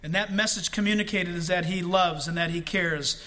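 A man preaching a sermon, pressing his points with rising emphasis and slowing right down on key words. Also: high-pitched, fairly even intonation, sharp tone. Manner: preaching with rising emphasis and slow, drawn-out stresses. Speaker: pastor.

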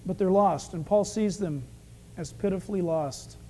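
Male pastor, very high voice, lively sermon delivery that acts out scenes. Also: normal speed. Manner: animated, acting out quotes.

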